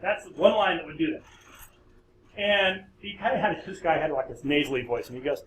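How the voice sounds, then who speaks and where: A middle-aged professor with a slightly high, somewhat bright voice speaks a little fast as he lectures his class in a chatty way, adding storytelling asides. It's recorded in an echoey classroom from a distant mic, with faint noise.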